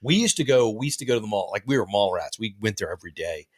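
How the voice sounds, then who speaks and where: Podcast co-host, middle-aged man, lowish voice, quick wisecracking banter. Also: expressive, husky. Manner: wisecracking, quick jokey interjections. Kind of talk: casual nostalgic chat.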